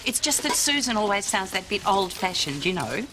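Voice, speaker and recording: An actress playing a bossy, chatty, middle-aged suburban mother in a TV soap, talking briskly and overfamiliarly. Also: mid-range voice, sing-song. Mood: fussy. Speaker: soap opera character. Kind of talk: TV soap acting. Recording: noisy TV clip with clicks.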